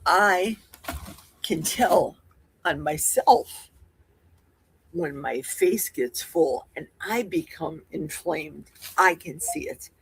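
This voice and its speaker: Husky Midwestern woman chatting slowly. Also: sits low, lively intonation. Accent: Midwestern American. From Wisconsin, USA. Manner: chatty, rambling, folksy asides. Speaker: livestream host. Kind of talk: casual livestream chat reading viewer comments.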